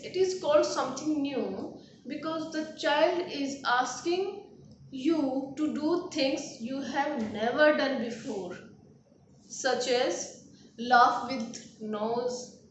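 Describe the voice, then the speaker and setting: An Indian English-accented woman teaches a young class, speaking patiently and repeating each question. Her voice sits high, and it rings around a hard, very echoey room with a faint hiss underneath. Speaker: primary school English teacher.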